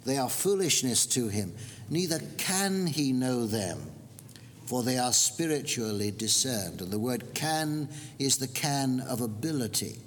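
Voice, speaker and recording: A man preaching a measured expository sermon, slowing down to stress key points. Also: mid-range voice, lively intonation. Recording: long reverb with faint background hiss.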